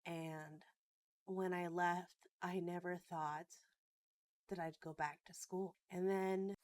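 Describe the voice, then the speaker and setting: A woman's voice: lowish voice, little pitch movement, slow pace, a little mellow, no room sound. A woman in her thirties talking earnestly in a personal vlog, at times choked up with emotion. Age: 30s. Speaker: vlogger.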